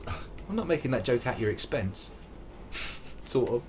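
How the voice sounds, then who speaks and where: A man's voice: medium pitch, big pitch swings, measured pace, long pauses, darkish tone, dull audio, a little hiss or hum. A British man hosting a live let's play, chatting playfully and swearing often as he mocks himself. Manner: playful, sweary, self-mocking, bursts into silly voices. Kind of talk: live gameplay commentary.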